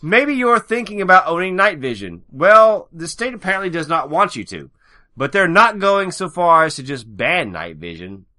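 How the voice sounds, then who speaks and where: A man's voice: high-pitched, sing-song, moderate pace, pushed and bright. A man co-hosting a podcast, reading gun news in casual chat with sarcastic, joking asides. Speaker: podcast co-host.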